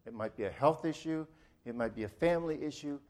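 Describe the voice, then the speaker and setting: A middle-aged man giving a sermon, telling a story in an earnest way and leading a quiet prayer. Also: a little high, quick pace. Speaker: preacher.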